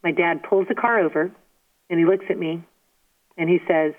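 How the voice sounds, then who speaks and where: A woman telling stories as a guest in an interview, speaking in an animated, emphatic way and often asking "you know what I mean?". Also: lowish voice, moderate pace. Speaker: guest, former softball player. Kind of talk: storytelling interview. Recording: tinny phone line.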